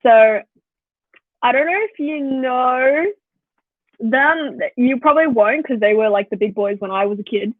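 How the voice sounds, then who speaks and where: Speaking a little slowly in a slightly high voice, a twenty-something Australian vlogger chats with viewers and tells animated stories, using "like" constantly. Her dry recording has a tinny, phone-like quality.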